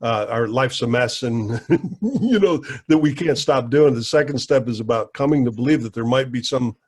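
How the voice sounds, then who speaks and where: A man hosting a recovery podcast, calmly explaining ideas for listeners and affirming his guest. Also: mid-range voice, moderate pace, breathy edge. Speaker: podcast host, interviewer. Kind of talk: casual interview chat.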